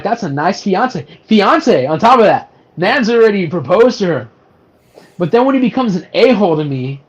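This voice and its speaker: A man's voice: on the high side, lo-fi sound. A man co-hosting a casual movie review podcast, animatedly retelling scenes with acted-out quotes and lots of fillers. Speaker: podcast co-host.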